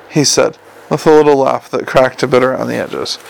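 A man narrating a comic fantasy audiobook in a measured, gently wry storytelling manner. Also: medium pitch, vocal fry, poor audio.

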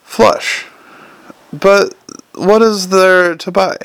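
An eager little tinkerer, earnest and bursting to explain, as a male narrator puts him on. The voice sits a touch high with a gravelly edge, close and dry. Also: animated, normal speed, fairly bright tone, no room sound. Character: eager little man, a gadget-loving tinkerer.

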